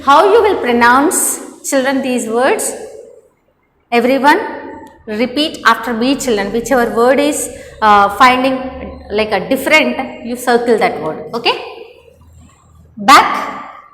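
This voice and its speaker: A woman teaching an English class, speaking slowly and explaining step by step. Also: sits high, a bit bright, reverberant, long reverb tail. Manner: slow, instructive, repeats "children" often.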